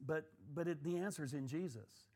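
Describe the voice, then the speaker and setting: A middle-aged man teaching a Bible study in a conversational, animated way, often repeating words and adding fillers. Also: on the high side, a little fast, husky.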